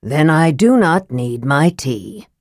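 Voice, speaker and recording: A woman voicing a sickly young male mage who speaks coldly and scornfully in a soft, low tone. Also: animated, takes it slowly, dry recording, studio quality, heavily acted. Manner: cold, scathing, soft and low.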